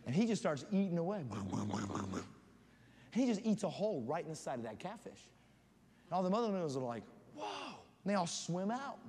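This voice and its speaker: A man preaching a sermon as a guest speaker, building up to loud fervent shouting. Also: a little high, sing-song, brisk. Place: church sanctuary. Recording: church hall reverb.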